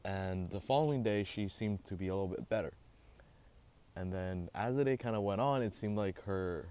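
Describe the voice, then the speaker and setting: A young man hosting a casual storytime vlog, animated and swearing as he gets heated. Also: on the low side. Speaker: vlogger host.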